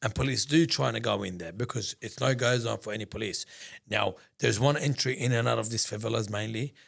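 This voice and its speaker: A man telling a story in a casual interview, rambling and animated, acting out conversations and swearing freely. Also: mid-range voice, brisk, creaky. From Australia. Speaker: business founder, guest.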